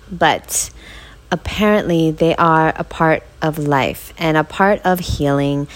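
A woman's voice: on the low side, no echo. A woman hosting a podcast in a casual chat from home, tired and upbeat, laughing often. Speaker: podcast host. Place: home living room on a couch. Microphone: podcast mic.

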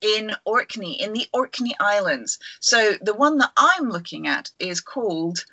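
A woman's voice: medium pitch, expressive, a little slow, sharp tone, breathy edge, no room sound. A woman co-hosting a casual podcast over a video call, rambling enthusiastically through a creature legend with many fillers. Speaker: podcast co-host. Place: at home.

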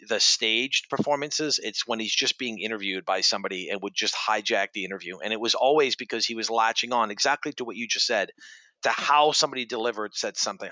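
A man's voice: medium pitch, bright, forceful tone, no room sound, lo-fi sound. A man hosting a podcast interview, chatting casually and telling anecdotes. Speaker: podcast host.

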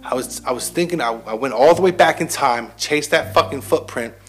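A man's voice: medium pitch, brisk, faint music behind. A man telling a personal story in a casual, heavily profane, self-mocking monologue to his listeners. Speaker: military veteran host.

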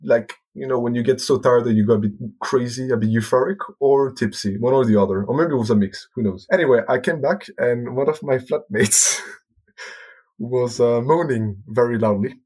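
A young man guest on a podcast, hesitant with many restarts, animated when telling a story. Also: mid-range voice, moderate pace, slightly rough. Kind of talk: casual storytelling.

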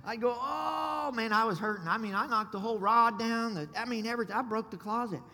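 Excitable preacher, high bright voice, shouted peaks, big reverberant church. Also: male voice, fast. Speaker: pastor. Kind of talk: sermon. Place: church sanctuary. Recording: long hall reverb.

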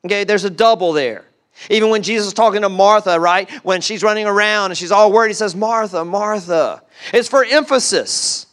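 A man preaching a sermon as pastor, animated and full of rhetorical questions, sometimes dropping to quiet asides. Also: sits high.

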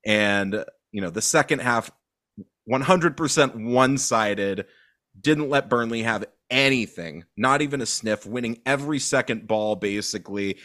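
A man co-hosting a casual football podcast, talking loosely with lots of fillers and animated bursts. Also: medium pitch, measured pace. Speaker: podcast co-host.

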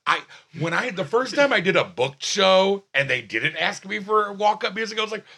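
A man, a comedian telling a story in casual podcast chat, profane and animated, full of restarts and fillers. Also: high-pitched, normal speed. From Staten Island, New York.

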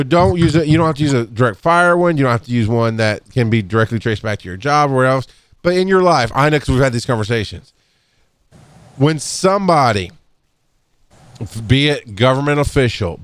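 A blunt, animated man hosts a casual podcast and talks as an EMS educator. His voice jumps higher whenever he gets fired up, and he laughs often along the way. The sound is dry and close, with almost no room on it. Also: dry recording. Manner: blunt and animated, swings up in pitch when fired up; laughs often and clears throat.

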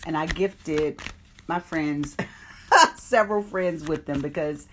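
A woman's voice: deep voice, slow, fairly bright tone, a little hiss or hum. A woman hosting an online meditation group, chatting casually, greeting viewers by name and reading from an oracle card. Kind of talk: casual live-stream chat and card reading.

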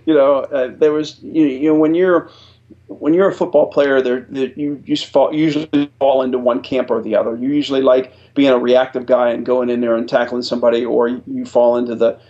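A man's voice: medium pitch, flat delivery, fairly quick, dark tone. Middle-aged man from Ohio, dull recording. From Ohio, USA. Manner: earnest storyteller, frequent restarts. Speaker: guest, retired Air Force chief master sergeant. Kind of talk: storytelling interview answers.

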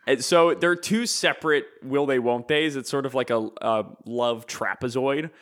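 A man's voice: mid-range voice, moderate pace. A man co-hosting a podcast, rambling casually as he retells movie scenes with plenty of fillers. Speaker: podcast co-host. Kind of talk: casual chat.

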